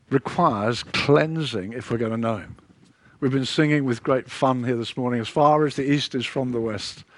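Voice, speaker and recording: An earnest male preacher delivering a sermon, his voice at a middle pitch that climbs for emphasis and sinks low on quiet lines. He leans on repeated words to drive each point home. The sound is dry and close, with no room echo. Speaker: pastor.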